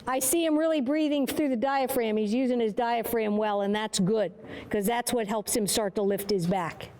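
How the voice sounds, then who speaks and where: A woman's voice: a little high, normal speed, darkish tone. A woman riding instructor giving short, encouraging, repeated commands during a driving lesson.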